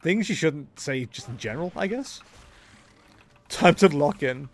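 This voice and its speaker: A young man chats away while he plays a game on stream, rambling from one thought to the next and joking as he goes. His voice sits a little high, and his pitch bounces around a lot as he talks. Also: lively intonation, unhurried, faint music behind. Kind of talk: casual live-stream chatter while gaming.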